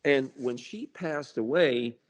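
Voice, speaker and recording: A mid-range voice speaking slowly belongs to this U.S. author and paranormal researcher. Chatting casually in an interview, he tells wry stories and acts out little scenes, including party chatter.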